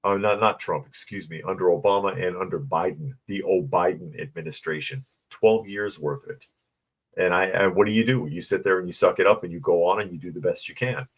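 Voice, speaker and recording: A man with a very low, deep voice hosts a casual livestream commentary. He reads news items and viewer comments aloud, then adds blunt, snarky asides in a relaxed, conversational way. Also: fairly quick, husky.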